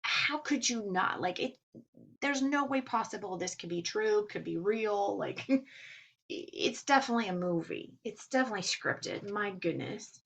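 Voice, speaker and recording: A woman's voice: mid-range voice, lively intonation, a little slow, creaky, a bit bright, slightly rough, highs cut off. Chatty woman with a Texas accent. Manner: chatty, with frequent ums and laughs. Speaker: podcast host. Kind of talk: casual chat and reading aloud.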